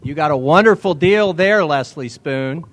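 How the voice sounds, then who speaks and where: A man's voice: fairly high pitch, slight background noise. A man hosting a live auction at an event, chatting with the crowd, laughing and telling an anecdote. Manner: chatty, laughs often, warm asides. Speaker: event host.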